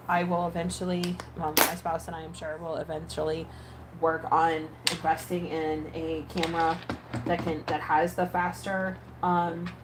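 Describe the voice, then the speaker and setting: Rambling low-voiced woman, casual chat. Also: noisy background. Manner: rambling, many fillers and restarts. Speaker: ASMR creator. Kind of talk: casual chat while editing.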